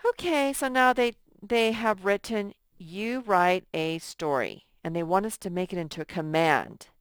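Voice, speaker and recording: A middle-aged woman teaching a lesson to young children, reading example sentences in a slow, sing-song way. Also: mid-range voice, clear, resonant tone, dry recording.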